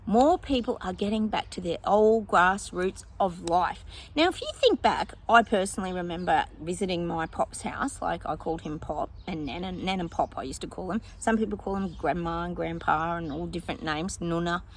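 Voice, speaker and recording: A woman's voice: lowish voice, normal speed, hardly any pauses, slight background noise. Rambling chatty woman psychic. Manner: rambling, chatty, thinks aloud with many fillers; laughs often. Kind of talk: casual predictions monologue to viewers.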